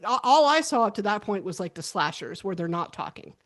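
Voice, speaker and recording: A woman hosting a relaxed interview. She talks in a chatty, animated way and laughs easily, and her voice sits in a middle register. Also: mid-range voice, brisk. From United States. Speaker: podcast host. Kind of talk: casual interview chat.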